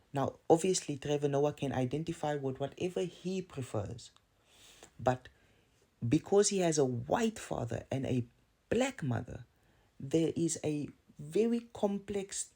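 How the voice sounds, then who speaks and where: A man with a South African accent talks straight to his viewers in a casual opinion monologue. His voice is dark and mellow, and he builds his points with rhetorical questions and repeated phrases. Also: a little high, creaky. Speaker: video commentator.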